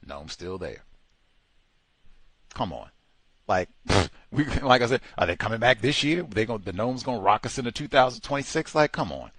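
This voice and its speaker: A man hosts talk radio in a sarcastic, exasperated and animated way. His voice sits low and the sound is close and dry, with no room around it. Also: moderate pace, husky, no echo. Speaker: radio host. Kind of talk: casual talk radio commentary.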